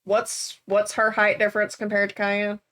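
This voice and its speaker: A woman playing a tabletop game, speaking gently and soothingly at a slow pace. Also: medium pitch, completely flat delivery. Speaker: player.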